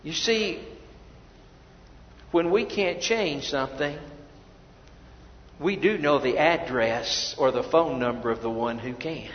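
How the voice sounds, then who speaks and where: High-voiced preacher in an echoey hall. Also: male voice, takes it slowly, long pauses, slight background noise. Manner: preaching with swings from soft, hushed lines to loud emphatic ones; repeats words and restarts often. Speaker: pastor. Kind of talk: sermon. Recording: echoey hall, dull lo-fi sound.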